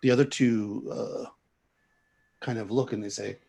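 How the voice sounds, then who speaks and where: A man's voice: fairly low pitch, steady tone, a little slow, creaky, dark tone, husky. A man narrating as game master for a tabletop game, rambling with many fillers and restarts.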